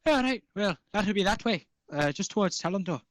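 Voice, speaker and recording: Tiny gnome shopkeeper, chirpy and high, a man putting him on, in a dry close room. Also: expressive, fairly quick, a bit bright, no echo. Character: small gnomish male bookseller, chirpy.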